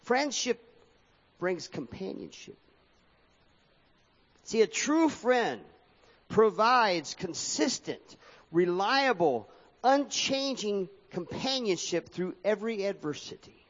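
A man delivers a sermon in a swooping, sing-song preaching cadence, his voice sitting a little high and leaping up and down. He reads verses aloud between points. The sound is dull and lo-fi, with a long reverb trailing off the walls of the hall. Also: sing-song, slow, long pauses. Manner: sing-song preaching cadence, rising and falling sharply, reading scripture aloud.

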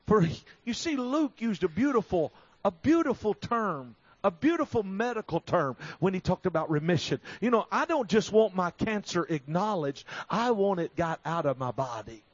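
A man preaching a revival sermon in a fervent, storytelling way that builds to emphatic shouting. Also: sits high, very animated, moderate pace, dry recording. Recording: slightly dull recording.

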